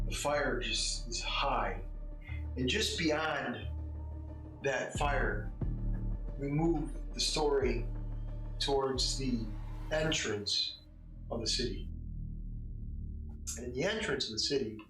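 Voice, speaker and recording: Unhurried male game master, far from the mic, background music. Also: medium pitch, bright, forceful tone. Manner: slow, halting narration with pauses. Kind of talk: narrating a tabletop game. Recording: echoey room, mic at a distance, music behind.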